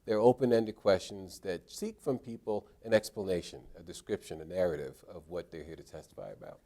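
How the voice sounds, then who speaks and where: A middle-aged man with a very deep, mellow voice explains courtroom questioning. He talks in a measured, explanatory way, laying out each point in turn. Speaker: trial advocacy teacher. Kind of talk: instructional talk.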